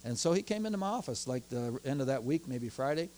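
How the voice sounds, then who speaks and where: A man preaching a sermon as pastor, telling stories from his church in an animated way and growing excited as he goes. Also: mid-range voice, quick pace, slight background noise. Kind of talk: sermon with personal storytelling.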